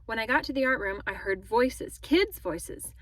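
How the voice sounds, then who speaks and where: Woman voicing a young schoolboy, excitable, storybook reading, fairly high voice. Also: moderate pace, dry recording. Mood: telling.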